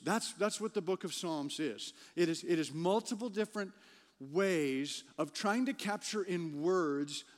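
A man preaching a sermon as a pastor, conversational, repeating words as he builds a point. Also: on the high side. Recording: long hall reverb.

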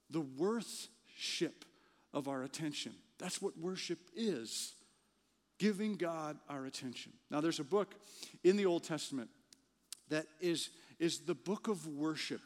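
A man preaching a sermon as a pastor, conversational, repeating words as he builds a point. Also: fairly high pitch. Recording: long hall reverb.

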